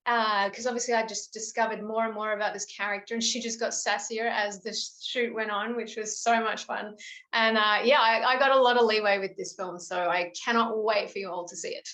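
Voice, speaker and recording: A woman's voice: a little high, a bit bright, reverberant. A woman from Australia, an actress guest chatting in an upbeat, gushing way during an interview. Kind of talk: casual interview chat.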